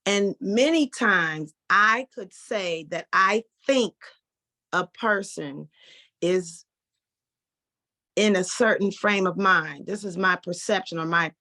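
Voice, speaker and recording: A woman's voice: mid-range voice, slow, pushed and bright. A woman taking part in a group discussion, working through her thoughts aloud with many restarts. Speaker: guest.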